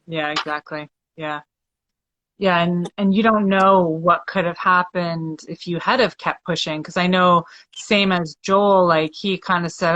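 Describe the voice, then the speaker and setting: A woman's voice: fairly low pitch, fairly even intonation, a little slow, fairly bright tone, dry recording. A woman co-hosting a casual chat, asking long, meandering questions and agreeing often. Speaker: co-host.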